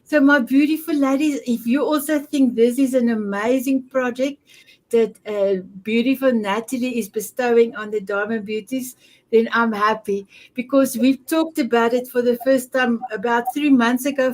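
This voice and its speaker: A woman's voice: on the high side, fairly even intonation, normal speed, darkish tone. A woman hosting an online summit over a video call, gushing and effusive with her guests. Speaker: summit host.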